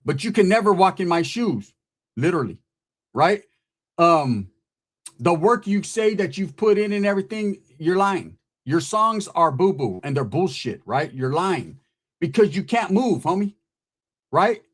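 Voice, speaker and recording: A channel host with a high-pitched voice goes off in a mocking roast aimed straight at the camera. He keeps it loose, profane and taunting, peppered with street slang. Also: sing-song, unhurried.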